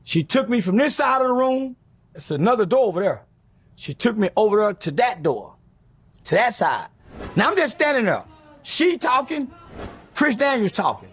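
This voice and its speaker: Gravelly, high-voiced man telling a story. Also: sing-song, fairly bright tone, no room sound. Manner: blunt, profane, rapid recounting with acted-out quotes. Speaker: interview guest telling a story. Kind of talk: animated storytelling in a sit-down interview.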